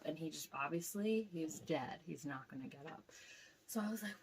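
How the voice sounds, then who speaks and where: A woman's voice: lowish voice, normal speed. Rambling young woman telling a dream. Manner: rambling, filler-heavy, animated retelling. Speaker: vlogger recounting a dream. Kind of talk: casual storytelling to camera.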